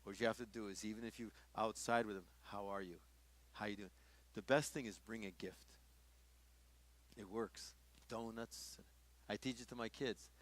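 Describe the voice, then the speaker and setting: Older man preaching, low voice. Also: steady tone, moderate pace, pauses often. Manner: storytelling, acting out dialogue with shifts in loudness. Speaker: pastor. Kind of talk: sermon teaching at a workshop.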